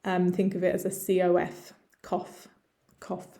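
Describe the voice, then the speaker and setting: English woman teaching slow, clear pronunciation. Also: lowish voice, completely flat delivery, mellow. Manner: slow, clear pronunciation drills, repeating words. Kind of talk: lesson narration over slides.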